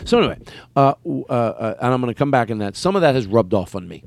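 A man's voice: medium pitch, big pitch swings, fast, gravelly. A man with a Philadelphia accent hosting a comedy podcast, rambling and playful, often cutting himself off. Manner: rambling, self-interrupting, playful. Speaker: podcast host. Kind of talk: casual comedy chat.

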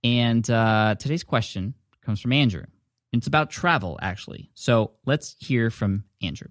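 A man's voice: mid-range voice, measured pace, no room sound. A man hosting a podcast in casual, upbeat chat, recorded at home on a desk microphone. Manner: upbeat, chatty. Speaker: podcast host. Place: home office. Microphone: studio dynamic mic at a desk. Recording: dry close-mic studio sound.

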